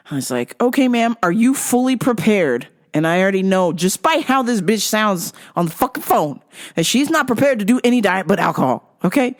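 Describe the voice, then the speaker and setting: A woman's voice: medium pitch, very animated, fairly quick. A woman hosting a podcast, telling retail customer stories with blunt, sarcastic, constantly swearing comedy. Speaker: podcast host. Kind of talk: profane comedic storytelling.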